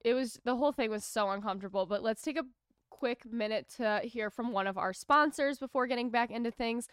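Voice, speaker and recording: A woman's voice: a little high, brisk, smooth, no echo, clean studio sound. A young woman co-hosting a podcast, chatting casually and animatedly and acting out what others said. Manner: animated, quotes people in put-on voices. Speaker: podcast co-host. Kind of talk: casual recap chat and read ad.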